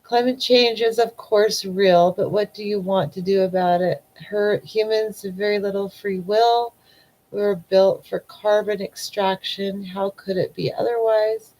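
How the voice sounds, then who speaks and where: A woman's voice: mid-range voice, fairly even intonation, a little slow, a little mellow, poor audio. A woman in her forties hosting a casual live stream, reading viewer comments and rambling emotionally, often trailing off. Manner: rambling, emotional, trails off with repeated "I don't know". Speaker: livestream host.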